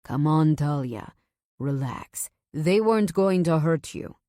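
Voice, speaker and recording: Brief: woman playing a controlling mafia husband, low and firm, dry close read. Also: animated, slow, warm tone, no echo. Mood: commanding. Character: domineering mafia husband, calm, commanding man.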